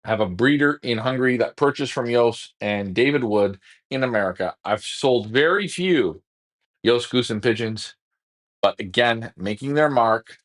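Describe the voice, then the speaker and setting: A man's voice: mid-range voice, normal speed. Chatty pigeon dealer, casual salesman patter. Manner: drops to hushed near-whisper when handling birds. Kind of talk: casual livestream chat while photographing birds.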